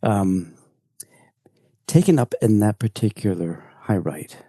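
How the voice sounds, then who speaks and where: Soft-spoken man sharing a spiritual experience. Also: lowish voice, expressive, breathy edge, dry recording. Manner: slow, searching, halting restarts. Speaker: spiritual community elder. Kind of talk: reflective group sharing.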